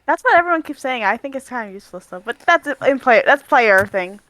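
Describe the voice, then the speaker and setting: A woman's voice: a little high, lively intonation, fast talker, fairly bright tone, poor audio. A woman playing a tabletop game, describing her character hesitantly with many fillers. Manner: hesitant, filler-heavy narration. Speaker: player.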